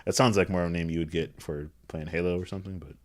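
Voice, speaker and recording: A man's voice: deep voice, fairly even intonation, racing. A man co-hosting a casual movie review, joking and riffing with mock lines. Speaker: podcast co-host.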